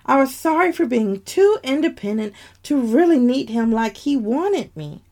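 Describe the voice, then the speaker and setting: A woman's voice: sits high, lively intonation, normal speed, mellow. A woman narrating a dramatic story in the first person, with heartfelt emotion.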